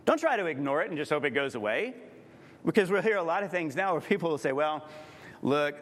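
Guy preaching, chatty, swings his pitch around a lot, big hall echo. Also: big pitch swings, fast talker, fairly bright tone. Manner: conversational preaching, acts out quoted voices. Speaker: pastor. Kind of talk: sermon. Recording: long hall reverb.

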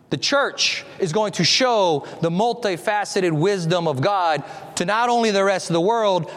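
Animated preacher in a reverberant hall. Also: male voice, a little high. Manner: animated, stretches key words, shifts into reading scripture. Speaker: pastor. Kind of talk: sermon.

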